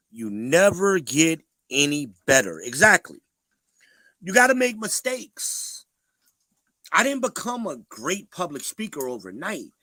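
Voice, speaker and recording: A blunt, preachy man hosts a livestream and lectures his chat in casual talk. His voice swings up and down in pitch and has a bright, forceful edge. It sits close and dry on the mic. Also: sing-song, unhurried, no echo, low-quality recording. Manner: blunt and preachy, addressing chat viewers directly. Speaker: livestream host.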